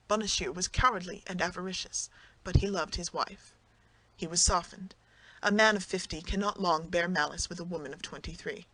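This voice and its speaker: An audiobook narrator reading a classic novel in an even, measured storytelling manner. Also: mid-range voice, dry recording, rough recording. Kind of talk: scripted narration.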